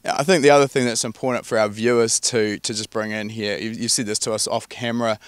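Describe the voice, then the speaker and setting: Lower-voiced male show host. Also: flat delivery, fast talker, smooth, no room sound. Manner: upbeat presenter, addresses viewers. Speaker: show host and student driver. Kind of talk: presenter chat and outro.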